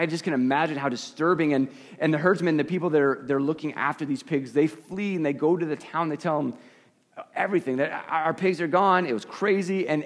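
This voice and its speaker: Middle-aged male pastor, conversational preaching voice, animated storyteller, stammers on restarts. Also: medium pitch. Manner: storytelling, animated, self-deprecating, frequent restarts. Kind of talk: sermon with personal story.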